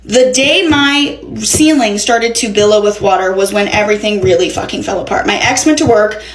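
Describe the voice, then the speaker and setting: A young woman telling a wild storytime in a casual, animated, profane way. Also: mid-range voice, moderate pace. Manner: animated, profane, dramatic retelling. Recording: echoey room.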